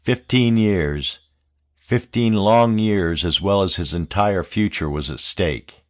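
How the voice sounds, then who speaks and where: A man narrating an audiobook in a steady, measured way. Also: deep voice. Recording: dull lo-fi audio.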